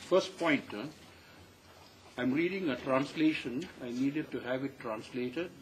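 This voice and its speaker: An older man with a Malaysian English accent, giving a measured, emphatic statement to the press and repeating his key points. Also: medium pitch, a little hiss or hum, rough recording. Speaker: panel member addressing the press.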